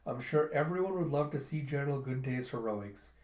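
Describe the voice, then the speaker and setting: A man voicing a calm, gentle young male king who speaks slowly and mildly. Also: medium pitch, roomy sound, natural voice. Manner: slow, mild, unhurried.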